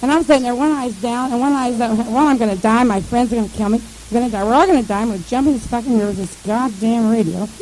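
A woman's voice: on the high side, fast, few pauses, darkish tone, poor audio. A woman telling a rambling, profane story in casual conversation, mimicking radio chatter and noises along the way.

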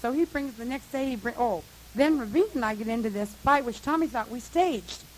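A woman telling a long, lively, profane anecdote to a group, laughing often. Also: a little high, a little fast, rough recording. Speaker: storyteller at a meeting. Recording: hissy old tape recording.

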